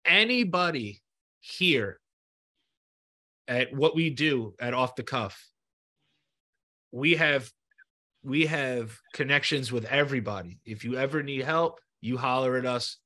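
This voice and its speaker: A man's voice: medium pitch, animated, takes it slowly, pauses often, sharp tone. A man hosting an interview show, talking earnestly and encouragingly, repeating himself and swearing freely. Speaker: podcast host. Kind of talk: heartfelt interview chat.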